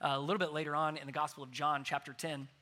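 A man preaching a sermon, animated, moving between loud emphasis and hushed, quiet points. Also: fairly high pitch, rapid-fire. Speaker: pastor.

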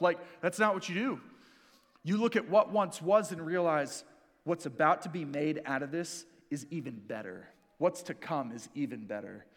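Earnest man preaching in a reverberant church. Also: fairly high pitch. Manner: earnest, building to emphatic peaks, soft intimate drops. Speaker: pastor. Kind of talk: sermon.

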